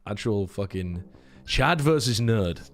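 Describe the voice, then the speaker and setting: A man with an English accent co-hosting a watch party, joking and swearing in quick casual banter. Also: lowish voice, lively intonation, faint music behind. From Britain. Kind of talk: casual chat.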